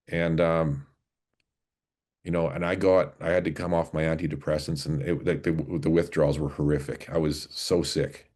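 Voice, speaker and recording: A man in his forties, a podcast guest and former police officer, telling his story in an earnest, halting way with many restarts. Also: extremely low pitch, flat delivery, darkish tone. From Canada, Alberta. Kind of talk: casual storytelling interview.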